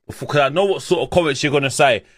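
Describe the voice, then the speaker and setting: A man commentating live to his viewers, excitable and full of slang. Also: fairly high pitch, racing, dry recording, studio quality.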